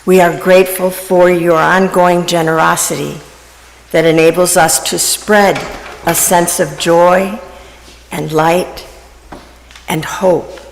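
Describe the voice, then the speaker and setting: Slow gravelly voice reading the offering bit, long church reverb, bit of hiss. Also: medium pitch, little pitch movement. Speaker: service leader. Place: church sanctuary. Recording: reverberant hall with faint noise.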